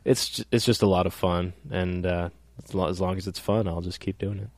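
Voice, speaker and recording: A man talking as a musician guest in a casual interview, relaxed and halting. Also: sits low, over loud music. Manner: relaxed, halting, self-correcting.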